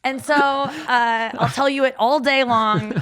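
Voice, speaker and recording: A woman's voice: high voice, measured pace. A woman comedian, a guest on a podcast, telling frank, bawdy stories in casual chat and acting out the quotes. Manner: frank, bawdy, animated storyteller who acts out quotes.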